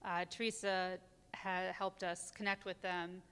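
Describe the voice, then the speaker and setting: A woman organizer of a neighborhood group, speaking hesitantly with many pauses as a guest at a church service. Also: on the low side, little pitch movement, a bit bright, clean tone. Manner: hesitant, many ums, nervous laughs. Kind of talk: casual on-stage interview. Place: church sanctuary. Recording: long hall reverb.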